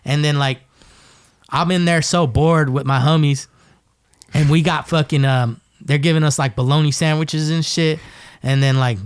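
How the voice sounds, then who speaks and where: A man's voice: fairly high pitch, normal speed, clear, resonant tone, no echo, clean studio sound. A man from Northern California telling jail stories as a podcast guest, swearing a lot and acting out the people in them. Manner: profane, animated, acts out voices in his stories. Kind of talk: casual storytelling.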